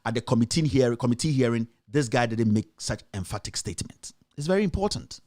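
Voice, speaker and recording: A man's voice: mid-range voice, expressive, a little fast, darkish tone. A Ghanaian man, a journalist and show host, giving heated political commentary, firing off accusing rhetorical questions.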